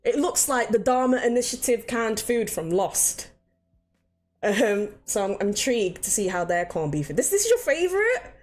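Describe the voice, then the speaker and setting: A woman's voice: a little high, very animated, moderate pace, a little mellow. A young woman chatting casually to her live-stream viewers, swearing freely and laughing easily. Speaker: game streamer.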